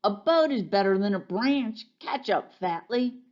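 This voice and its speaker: A woman voicing a bossy, cheerful old countrywoman who scolds in a brisk, folksy way, in a storybook reading. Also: medium pitch, expressive, darkish tone, dull audio, natural voice.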